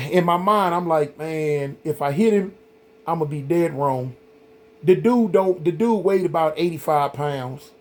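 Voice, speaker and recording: A middle-aged man hosting a vlog, telling a story in a casual, rambling, animated way, full of "man" and "y'all". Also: on the high side, a little slow. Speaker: vlog host.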